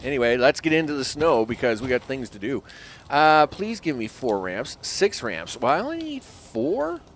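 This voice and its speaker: A man casually commenting on his live gameplay, chatting to the animals in the game and grumbling at his bad luck. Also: medium pitch. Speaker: game streamer. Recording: noisy game sound behind voice. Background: game ambience and vehicle sounds.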